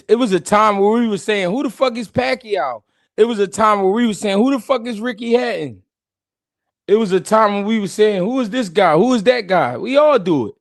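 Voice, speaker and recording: A man's voice: sits high, dry recording, studio quality. A man hosting a live stream, chatting casually and animatedly in slang, talking straight to his chat.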